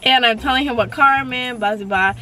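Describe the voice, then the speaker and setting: A young woman casually telling a story to her viewers, animated and full of slang and swearing. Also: on the high side, brisk, faint music behind. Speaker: vlogger.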